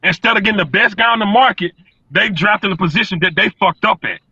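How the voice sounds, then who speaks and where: A man's voice: sits high, quick pace, gravelly, pushed and bright, husky, no echo. A man on a sports talk panel, speaking from his truck, blunt and profane with stumbling repeats. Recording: dull lo-fi call audio.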